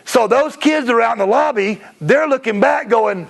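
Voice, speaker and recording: A man presenting at a seminar in a chatty way, often acting out short scenes. His voice sits high and has a gravelly edge to it. He talks loosely, with restarts and asides to the room. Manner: chatty, acts out kids and parents in quick bits. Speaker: martial arts school owner presenting. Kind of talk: seminar talk to school owners.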